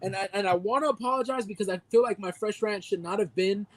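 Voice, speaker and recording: A man's voice: high voice, quick pace, a bit bright, rough recording. A man co-hosting a casual podcast, delivering a heated, profanity-filled mock rant. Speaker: podcast co-host.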